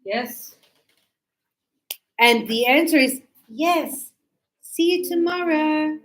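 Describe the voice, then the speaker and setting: A woman teaching a grammar lesson in a classroom, her voice sitting a little high. She talks slowly and deliberately, sounding out each word for the class. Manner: slow, deliberate, models pronunciation. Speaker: English teacher.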